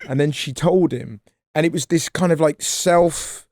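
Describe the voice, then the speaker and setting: Rambling comedian, casual chat. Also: male voice, on the high side, unhurried, dry recording, clean studio sound. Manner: rambling, animated, swears freely. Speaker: comedian guest.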